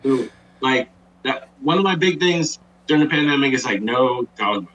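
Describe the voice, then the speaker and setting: A man's voice: medium pitch, animated, normal speed, a bit bright, far from the mic, dull audio, a little hiss or hum. A man who is a guest on a casual photography chat, often repeating words as he thinks aloud. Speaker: podcast guest.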